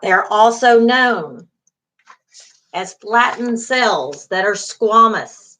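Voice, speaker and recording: A woman's voice: a little high, lively intonation, very slow, pushed and bright, low-quality recording. A middle-aged woman instructing a class, going over material patiently, repeating key terms and reassuring her students, with frequent fillers. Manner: repetitive, reassuring teaching with fillers. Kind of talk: online class lecture.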